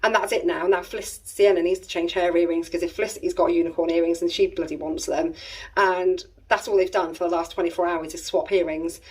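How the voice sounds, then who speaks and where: Here the same English-accented vlogger, a woman in her thirties, chats casually through a family tale with exasperated asides. She speaks briskly on the low side with fairly even intonation and a slight roughness, positioned a bit away from the mic.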